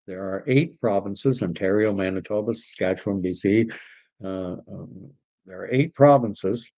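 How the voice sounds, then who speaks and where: A man's voice: on the low side, measured pace, warm tone. A man from Canada hosting a casual livestream, reading viewer comments aloud and rambling between topics, dropping in French phrases as he goes. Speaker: livestream host reading chat.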